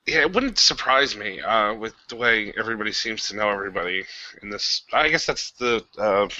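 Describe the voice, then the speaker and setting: A man in his thirties with a strikingly bright, forward tone, speaking haltingly and hedging as a podcast guest. The audio is dull and lo-fi, and the voice is dry and close. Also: fairly low pitch, lively intonation, dry recording. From New Jersey. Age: 30s. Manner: hesitant, hedging, with many fillers. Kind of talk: casual podcast chat.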